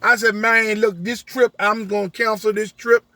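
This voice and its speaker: A man's voice: sits high, flat delivery, normal speed, pushed and bright, no echo. A man, a rideshare driver, telling a story as an emphatic rant, acting out an argument through many quoted lines.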